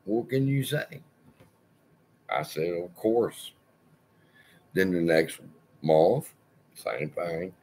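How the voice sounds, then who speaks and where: Husky man with a lively, swooping voice; casual storyteller, profane and wry. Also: sits low, very slow, long pauses. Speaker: channel host.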